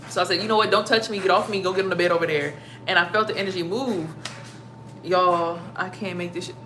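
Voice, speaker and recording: A young woman telling a story to her viewers in a casual, profane and animated way, acting out her own startled reactions. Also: on the low side, fast talker, noisy background. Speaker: spiritual vlogger.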